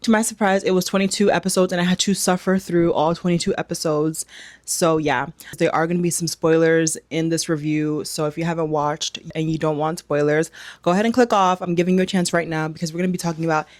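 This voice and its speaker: A woman's voice: deep voice, steady tone, brisk, a little mellow, no room sound. Chatty West African woman, dry sound. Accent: South African-tinged. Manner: chatty, emphatic, addresses viewers directly. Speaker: vlogger, show reviewer. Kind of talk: casual direct-to-camera review.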